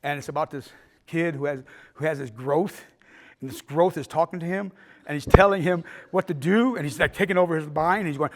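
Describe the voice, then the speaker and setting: An older man, a filmmaker, giving a casual storytelling talk, animated and profane, acting out the people in his stories. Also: on the high side, fairly quick. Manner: animated, profane, acts out scenes in voices.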